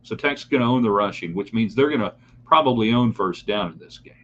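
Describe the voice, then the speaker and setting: A middle-aged man hosting a live sports talk broadcast, opinionated and animated as he reads listener comments and talks straight to his audience. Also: fairly low pitch, brisk, muffled recording, slight background noise. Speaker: sports talk show host.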